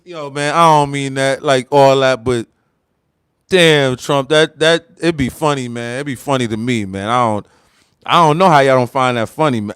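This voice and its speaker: A man's voice: medium pitch, normal speed, a bit bright, clear, resonant tone, no echo. An American man hosting a heated political commentary livestream, fired up and repeating himself as he talks straight to viewers. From United States. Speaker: livestream host.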